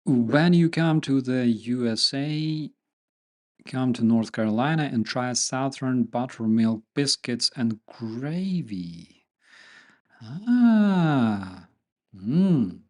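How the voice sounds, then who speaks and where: Slow-talking Ukrainian man with a joking manner. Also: medium pitch. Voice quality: animated, joking, with many fillers. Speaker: channel host. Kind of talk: casual chat with viewers, reading comments.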